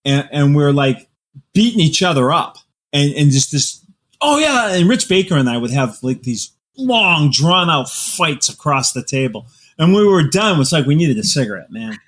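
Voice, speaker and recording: A man, a guest author, chatting casually in an interview, telling animated, vivid stories with playful exaggeration. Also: on the high side, moderate pace.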